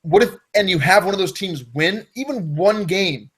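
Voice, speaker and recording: Husky high-voiced man arguing his point. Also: normal speed, fairly bright tone. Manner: argumentative, insistent, explains at length. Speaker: podcast co-host. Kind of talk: casual sports debate.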